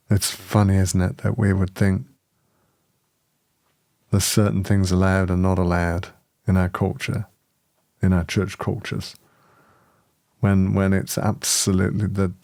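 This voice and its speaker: A man hosting a spiritual community, telling a personal story in lively conversation, often laughing and restarting his sentences. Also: low-pitched, creaky, no echo, clean studio sound.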